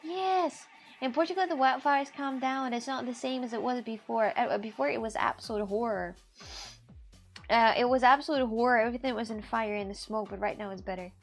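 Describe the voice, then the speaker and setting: A woman's voice: fairly high pitch, steady tone, normal speed, soft background music. A woman live streamer chatting casually with her audience in a playful, joking manner.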